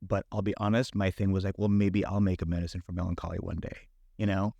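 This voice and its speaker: Middle-aged male director, low voice, chatty and animated, dry close mic. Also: fast talker, vocal fry, dry recording. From San Francisco Bay Area. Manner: animated, lots of filler and quoted inner thoughts. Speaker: film director, interview guest. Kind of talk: casual conversational storytelling.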